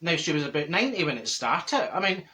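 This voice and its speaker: Speaking fast, a man with a Glaswegian Scottish accent performs a brash, gossipy middle-aged Glasgow woman in a comedy character piece to camera. Her bright, sharp voice swoops through an animated pitch as she spins exaggerated, theatrical comic tales, breaking into laughter and sudden outbursts.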